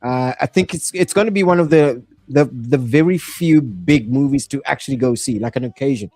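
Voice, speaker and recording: A man's voice: mid-range voice, brisk, dark tone, no room sound, soft background music. A man hosting a casual podcast, talking hesitantly with many fillers and reading out viewer comments. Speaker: podcast host. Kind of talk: casual chat.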